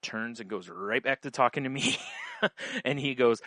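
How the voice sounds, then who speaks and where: A man's voice: mid-range voice, normal speed, a bit bright, no room sound. A man co-hosting a podcast, telling a story in casual chat, rambling with lots of fillers and restarts. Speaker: podcast co-host.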